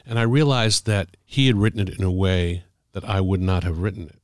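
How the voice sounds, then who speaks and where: A man, middle-aged or older, an author telling stories about the craft of writing in a casual, halting way with many fillers. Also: low-pitched, no room sound, clean studio sound. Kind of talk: casual conversational storytelling.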